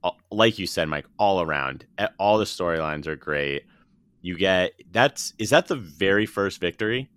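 A man's voice: low voice, expressive, moderate pace, fairly bright tone, clear, resonant tone, no echo. A man co-hosting a podcast, praising an episode with emphatic enthusiasm in casual chat. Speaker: podcast co-host.

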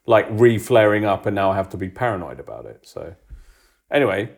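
A man's voice: lowish voice, sing-song, brisk, gravelly. A man co-hosting a podcast in casual chat, with a dry, teasing manner and easy laughs. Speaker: podcast co-host.

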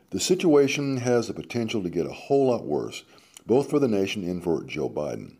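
A man's voice: low voice, sing-song, brisk, dark tone, husky. A man hosting a radio show, reading a column aloud and breaking in with sarcastic asides, dramatic and swinging from emphatic to muttered. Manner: interjects sarcastic asides between quoted passages. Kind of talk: reading aloud with running commentary.

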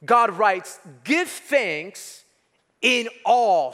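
High-voiced preaching pastor, man. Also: expressive, measured pace, fairly bright tone, big-room sound. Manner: emphatic preaching, repeats key phrases, leads the congregation. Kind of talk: sermon.

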